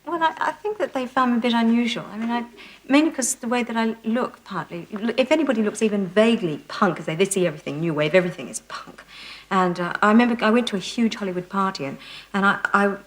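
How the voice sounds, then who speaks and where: A woman in her thirties with an Australian accent, a talk show guest telling comic anecdotes with lots of laughter. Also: medium pitch. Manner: cheeky, laughing, quick storytelling.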